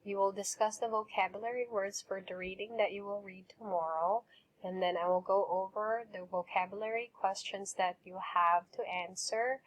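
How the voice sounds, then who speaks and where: Woman teacher, unhurried and clear, leading slow repeat-after-me vocabulary drills with gentle praise. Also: medium pitch. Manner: gentle praise and simple explanations. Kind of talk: online vocabulary lesson.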